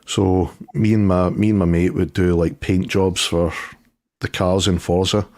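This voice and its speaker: A man's voice: low voice, level tone, darkish tone. A middle-aged Scottish man telling stories in a casual chat, laughing easily. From Scotland. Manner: storytelling, quick to laugh. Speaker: co-host.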